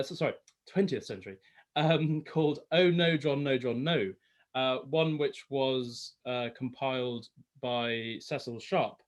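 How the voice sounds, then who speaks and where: Slow, rambling man introducing a song. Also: medium pitch. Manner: rambling, full of fillers and self-corrections. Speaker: singer. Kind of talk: casual spoken introduction to a song. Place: home, lockdown online concert.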